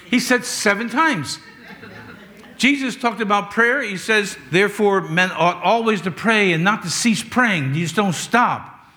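Mixing Bible retellings with funny remarks aimed at his listeners, a pastor preaches conversationally in a high, bright, forceful male voice.

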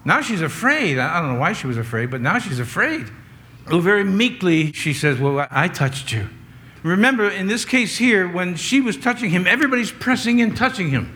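Man, pastor, sermon, slightly high voice, conversational with humorous asides. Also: lively intonation, brisk, bright, forceful tone.

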